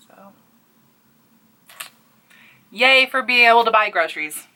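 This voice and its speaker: Young Newfoundland woman, bright and fairly low-pitched, breathless and overwhelmed, casual home vlog. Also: animated, normal speed, long pauses. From Canada. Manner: breathless and overwhelmed, sighing, dropping to near-whispers. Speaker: crochet artist and small business owner.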